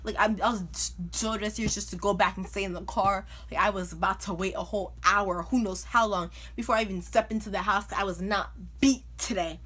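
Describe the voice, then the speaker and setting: A young woman vlogger telling a funny personal story in an animated, chatty way, full of "like" and "you know". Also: medium pitch, a little fast, a little hiss or hum. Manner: animated, chatty, filler-heavy with lots of "like". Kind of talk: casual storytime.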